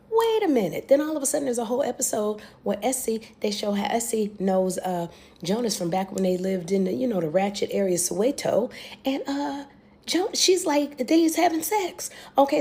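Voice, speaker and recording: A young American woman recapping a TV series in a casual, animated way, with exclamations and blunt asides. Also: a little high, moderate pace, creaky. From United States. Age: young adult. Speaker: reaction video host.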